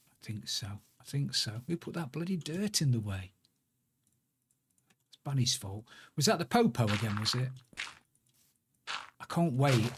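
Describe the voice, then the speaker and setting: A man's voice: mid-range voice, breathy edge. A man streaming a building game, muttering to himself as he works and chatting in asides. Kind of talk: casual live-stream chat while playing.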